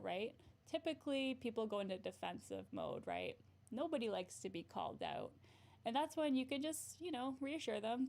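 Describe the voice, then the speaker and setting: A woman's voice: on the high side, very animated, moderate pace, vocal fry, a little mellow. A young adult woman, a therapist, giving casual advice on a livestream, often ending points with "right?" and laughing. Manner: frequent "right?" tag questions, laughs often.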